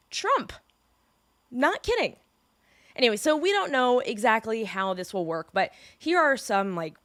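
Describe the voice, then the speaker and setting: A woman's voice: fairly high pitch, no room sound. A young woman from California hosting a daily news podcast, explaining the news in a chatty, joking way. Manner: chatty and joking, lively asides.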